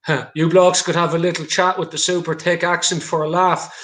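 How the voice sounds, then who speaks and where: Irish guy from clare hosting a live stream, fairly high voice, chatty, swears a bit, reads out comments. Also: level tone, brisk, fairly bright tone, slight background noise. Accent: Irish, County Clare. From Ireland. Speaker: livestream host. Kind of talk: casual livestream chat.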